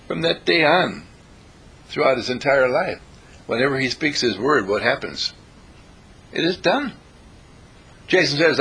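Gravelly, animated man preaching. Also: medium pitch, measured pace, long pauses. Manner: animated, acts out characters in the stories. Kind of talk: sermon with storytelling.

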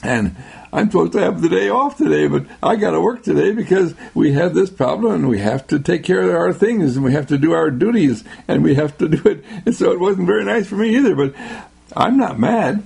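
A man's voice: high voice, animated, brisk, creaky, a little mellow, husky, voice pushed up, heavily acted. A man quoting a patient, good-natured male meter reader who talks in an easygoing, chuckling way.

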